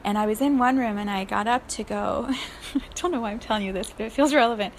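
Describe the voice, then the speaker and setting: A woman with a fairly high voice talks straight to her listeners in a loose, chatty way. She tells a personal story with animated energy. A faint hiss sits under her voice. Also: fast talker. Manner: chatty, animated, laughs often. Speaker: energy healer. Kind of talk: casual storytelling monologue.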